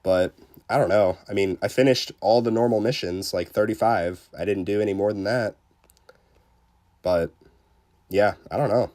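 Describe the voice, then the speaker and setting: A man with a somewhat low voice gives casual live commentary while streaming a game. He chats loosely, with plenty of fillers, greets his viewers and jokes at his own expense. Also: normal speed, pauses often. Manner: chatty, many fillers, greets chat viewers; self-deprecating and excitable. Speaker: livestreamer.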